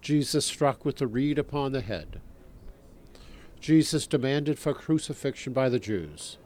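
A priest leading his listeners in prayer, reciting a long litany in a measured, solemn way. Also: mid-range voice, lively intonation, darkish tone.

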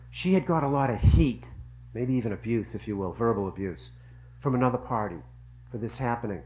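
A man's voice: medium pitch, slight background noise, poor audio. A middle-aged man giving an earnest devotional talk, telling stories and repeating phrases for emphasis. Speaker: religious speaker.

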